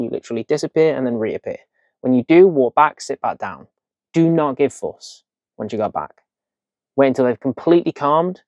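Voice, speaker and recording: A man talks owners through dog training in a chatty, direct coaching manner. His voice sits at a middle pitch and the recording is dry and close, with no room sound. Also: a little mellow, no room sound. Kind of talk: instructional video lesson.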